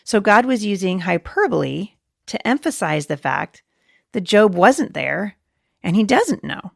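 Gravelly-voiced woman teaching scripture. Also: mid-range voice, big pitch swings, measured pace, no echo, studio quality. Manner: earnest, frequent fillers and restarts, quotes scripture. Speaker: podcast host teaching moms. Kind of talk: devotional teaching talk.

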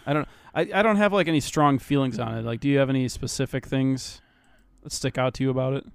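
A man co-hosting a casual chat about anime, relaxed and joking. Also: medium pitch, quick pace, vocal fry, clean tone, dry recording. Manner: relaxed, joking, reads summaries aloud. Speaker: podcast co-host.

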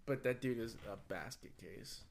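A man's voice: lowish voice, normal speed, creaky, slight background noise. A man with a Texan accent, co-hosting a casual chat in a rambling, slangy way with lots of swearing. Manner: rambling, swears often, loose slangy talk.

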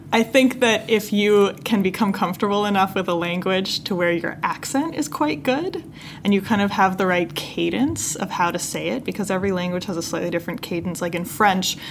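A woman's voice: mid-range voice, vocal fry. Female co-host, wry learner, conversational, faint background noise. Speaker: podcast co-host learning investing. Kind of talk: casual chat.

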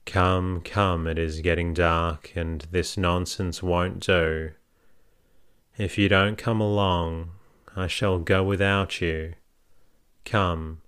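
A man's voice: deep voice, level tone, slow, a bit bright, clear, resonant tone. A man voicing a weary, anxious young wife pleading with her husband in a storybook reading. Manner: pleading, then firm.

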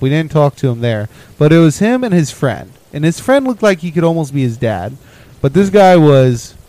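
A young man telling a winter trip story on a podcast in an everyday mid-pitched voice. He rambles casually and chuckles as he goes. His voice often trails off quietly at the ends of phrases. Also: no room sound, poor audio. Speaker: podcast co-host.

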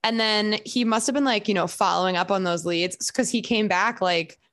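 A young woman hosts a podcast in casual chat with a mid-range voice. She tells stories emphatically and acts out what other people said. Her delivery stays lively and conversational. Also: mid-range voice, normal speed. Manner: animated storyteller, acts out quotes, emphatic. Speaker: podcast host.

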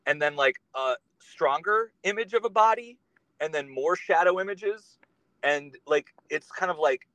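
A man's voice: medium pitch, sharp tone, dry recording, poor audio. A man, a guest on a podcast, talking in a casual conversation and telling his story in an earnest, meandering way.

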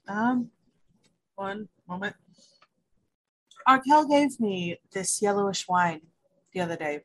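A woman's voice: mid-range voice, expressive, slow pace, pauses often, low-quality recording. A woman playing a tabletop game, casual, playful and eager, often laughing. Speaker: player.

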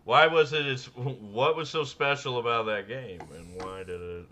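A man co-hosting a podcast in casual comedic chat, riffing sardonically on absurd dark jokes and laughing often. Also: medium pitch, a little slow, slight background noise. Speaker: podcast co-host.

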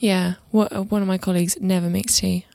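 A woman who works as a content editor chats cheerfully as a guest on a podcast. Her mid-pitched voice has a creaky, gravelly texture. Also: flat delivery, brisk, warm tone, dry recording. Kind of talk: casual podcast chat.

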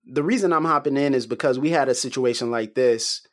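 A man co-hosting a casual political chat, incredulous and slangy, his voice jumping up when baffled. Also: a little fast. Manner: incredulous, slangy, rising to high exclamations. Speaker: podcast co-host.

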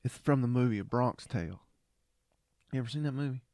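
A man co-hosting a podcast in casual chat, animated as he quotes movie lines and laughs along. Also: medium pitch, a little fast, no echo, studio quality. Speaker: podcast co-host.

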